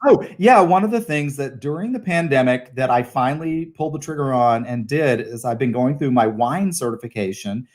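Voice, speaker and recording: A man's voice: mid-range voice, a little fast, hardly any pauses. Chatty male host on a video call. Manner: chatty, relaxed, many fillers. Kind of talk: casual video call interview.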